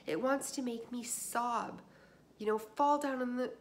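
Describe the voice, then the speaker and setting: Earnest woman vlogging to camera, kinda high voice, repeats stuff in slow lists. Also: slight background noise. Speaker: self-help vlogger. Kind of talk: reflective personal monologue.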